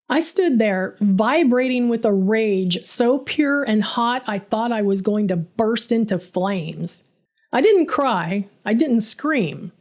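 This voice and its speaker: A woman's voice: fairly high pitch, expressive, slow, a little mellow. A woman narrating her own first-person story, dramatic and bitter in tone.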